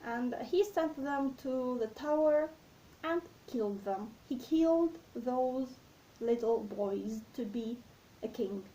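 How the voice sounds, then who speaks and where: Woman, high mellow voice, unhurried, hesitant with fillers, mic set back from her. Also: animated, a little hiss or hum. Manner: hesitant, many fillers and restarts. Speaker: literature talk host. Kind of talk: slow reflective explanation of a play. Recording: voice distant from the mic.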